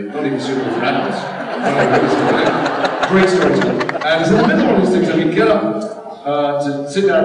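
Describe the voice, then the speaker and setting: A man's voice: mid-range voice, a little hiss or hum. A man telling rambling, self-mocking stories as a guest on a convention panel, often breaking into laughter. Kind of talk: anecdotal storytelling. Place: large convention hall. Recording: echoey hall from far off.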